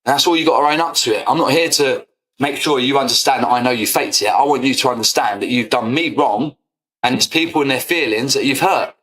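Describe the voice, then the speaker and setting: A man's voice: mid-range voice, brisk, fairly bright tone, rough recording. A young man, ranting heatedly to his stream audience, swearing and repeating his points. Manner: combative, swearing, repetitive. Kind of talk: heated casual rant.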